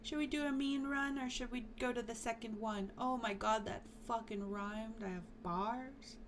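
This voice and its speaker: A woman's voice: on the high side, steady tone, normal speed, a little hiss or hum. A woman streamer reading a visual novel aloud while playing, playful and laughing often.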